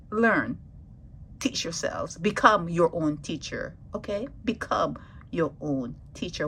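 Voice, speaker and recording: A woman vlogger delivering an impassioned monologue to her viewers, preachy and emphatic, repeating her points and swinging between loud stresses and hushed asides. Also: deep voice, slight background noise, low-quality recording.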